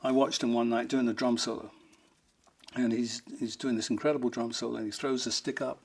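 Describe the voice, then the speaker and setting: A man's voice: mid-range voice, level tone, brisk, creaky, husky. A man, a rock guitarist, telling fond, rambling anecdotes in an interview, amused and laughing now and then.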